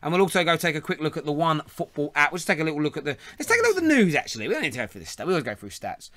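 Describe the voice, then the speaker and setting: A man's voice: a little high, very animated, racing, sharp tone, no room sound, studio quality. A man, hosting a live football phone-in, chatty and laughing often. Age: 30s. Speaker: phone-in host. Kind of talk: casual live show chat.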